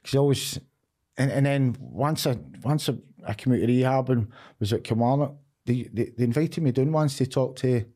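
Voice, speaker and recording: A man's voice: mid-range voice, normal speed, mellow. A middle-aged man with a Glaswegian accent, talking openly as a podcast guest, swearing freely and often checking "you know what I mean". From Scotland. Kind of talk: candid conversation.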